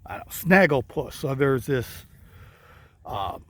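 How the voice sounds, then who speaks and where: A man vlogging casually, talking slowly and rambling with a slight lisp, from inside a vehicle. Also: on the high side, no echo. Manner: slow, rambling, many uh fillers. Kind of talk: casual vlog talk.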